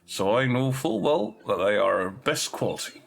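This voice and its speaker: A man's voice: medium pitch, very animated, normal speed, vocal fry. A man voicing a polite, hesitant farmer and former soldier. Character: honest middle-aged male farmer and ex-soldier.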